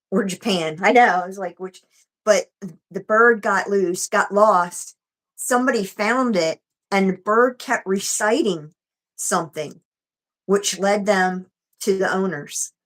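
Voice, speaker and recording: A woman's voice: medium pitch, takes it slowly. A woman co-hosting a livestream, chatting casually and telling stories with restarts. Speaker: livestream co-host.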